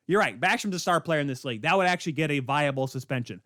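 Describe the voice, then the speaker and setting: A man hosting a podcast, delivering a heated, sarcastic rant with sudden loud spikes and quick muttered asides. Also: a little high, expressive, no echo, clean studio sound. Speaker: podcast host. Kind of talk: ranting hockey commentary.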